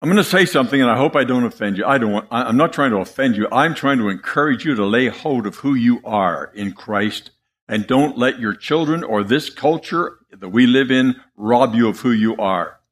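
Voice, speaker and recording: A man preaching a sermon, moving between loud emphasis and hushed asides. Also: medium pitch, expressive, moderate pace.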